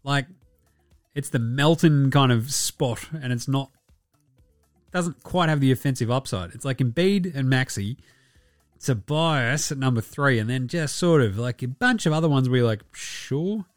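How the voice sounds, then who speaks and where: A man's voice: medium pitch, moderate pace, no room sound, studio quality, faint music behind. An Australian man hosting a basketball podcast, in casual, profane and rambling commentary. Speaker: podcast host.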